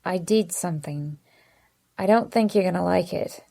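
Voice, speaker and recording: A gentle, exhausted young man breaks hard news in a hushed, low murmur, as a woman narrator voices him. His soft, apologetic delivery stays quiet and subdued throughout. It is storybook audiobook reading. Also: normal speed, creaky. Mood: tired, apologetic.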